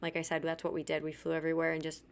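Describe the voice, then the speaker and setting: A woman's voice: deep voice, completely flat delivery, rapid-fire, vocal fry. A woman hosting a podcast, telling a personal story candidly and bluntly, swearing freely and acting out what others said. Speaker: podcast host.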